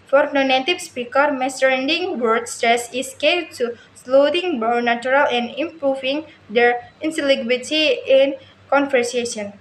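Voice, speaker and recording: Woman, high voice, slow careful reading, halting restarts, echoey room, faint hiss. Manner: halting, with frequent restarts and misreadings. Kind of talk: reading a prepared lesson aloud.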